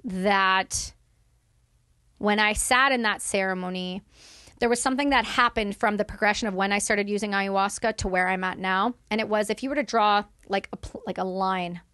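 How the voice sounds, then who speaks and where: A woman's voice: medium pitch, fairly even intonation, moderate pace, bright, forceful tone, dry recording, clean studio sound. A woman in her thirties from Canada, a podcast guest telling her story in candid, emphatic conversation. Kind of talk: casual conversation.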